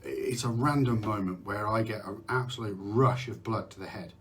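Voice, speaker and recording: A man's voice: fairly low pitch, normal speed, slight background noise. A middle-aged man from the UK hosting a candid live talk about mental health, rambling, restarting sentences and swearing now and then. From United Kingdom. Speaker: host.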